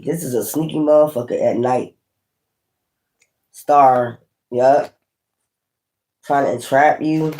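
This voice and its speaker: Profane, animated male tarot reader. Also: fairly high pitch. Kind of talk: casual tarot reading.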